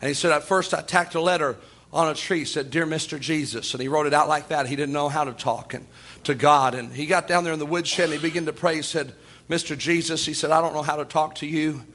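High, bright-voiced preacher man. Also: fairly even intonation, fairly quick. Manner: folksy storytelling preacher, chuckling, repeats "oh my". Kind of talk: sermon.

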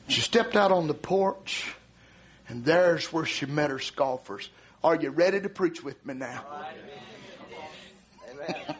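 A male preacher delivering a sermon through dramatic storytelling, with repeated refrains and calls to the congregation that build to shouts. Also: on the high side, slow, pauses often, slightly rough.

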